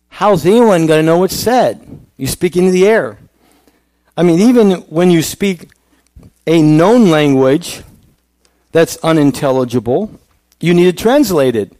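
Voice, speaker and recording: A man's voice: a little high, a little mellow, no room sound. A male pastor giving a conversational sermon, asking the congregation questions.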